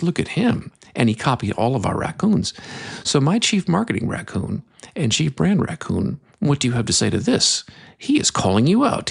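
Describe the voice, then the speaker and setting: A man's voice: medium pitch, gravelly, husky. A man hosting a podcast, reading out a list of odd holidays and cracking playful jokes about each. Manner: playful, joking asides. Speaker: podcast host. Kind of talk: comedic podcast monologue.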